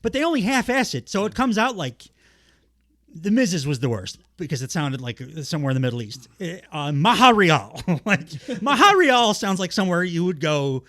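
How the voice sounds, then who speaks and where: A man's voice: fairly high pitch, big pitch swings, a little fast, no room sound. A man co-hosting a podcast, chatting casually and ranting bluntly, laughing often and swearing freely. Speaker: podcast co-host. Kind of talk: casual podcast chat about wrestling.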